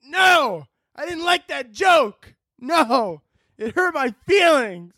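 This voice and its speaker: A man voicing a whiny, easily offended adult with a shrill, whining voice. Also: very animated, takes it slowly, pushed and bright, dry recording, shouting, clean studio sound, full character voice.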